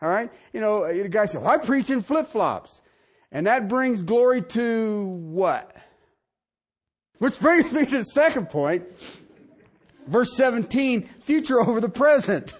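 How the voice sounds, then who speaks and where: A middle-aged male pastor preaching a sermon, swinging from soft asides to shouted emphasis. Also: high-pitched, animated, unhurried.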